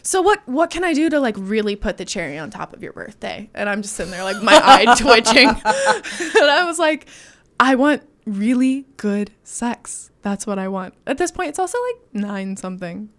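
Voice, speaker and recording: A woman's voice: fairly high pitch, sing-song, normal speed, fairly bright tone. A woman co-hosting a podcast, telling a personal story in casual chat, acting out quotes and laughing often.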